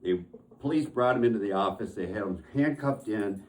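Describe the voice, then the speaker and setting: A man's voice: lowish voice, a little fast, a little mellow. A man who works as a therapist, telling stories from his practice in an earnest conversational way and often restarting his phrases.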